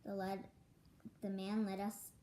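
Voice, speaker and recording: A woman reading a children's book aloud in a halting way, often restarting words, recorded with room echo. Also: mid-range voice, flat delivery, warm tone, a little hiss or hum. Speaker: storybook reader. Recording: echoey room.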